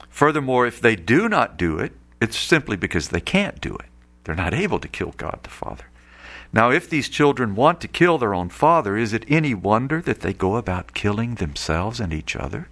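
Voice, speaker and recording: Gravelly-voiced male preacher. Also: lowish voice, very animated, moderate pace, fairly bright tone. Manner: earnest, rising to emphatic outbursts. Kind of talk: sermon. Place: Catholic radio broadcast.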